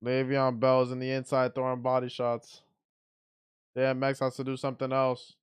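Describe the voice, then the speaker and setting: A man calls a boxing match live as he watches it, giving excitable, blunt play-by-play. His voice is smooth and clear at a middle pitch, and he often restarts his sentences. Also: normal speed. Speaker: watch party commentator. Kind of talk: live fight commentary.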